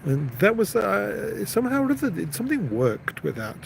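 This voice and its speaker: A man's voice: sits high, huge pitch swings, normal speed, gravelly, a little hiss or hum, poor audio. A man hosting a live stream, telling a story in a casual, rambling way. He often stops and repeats words as he goes.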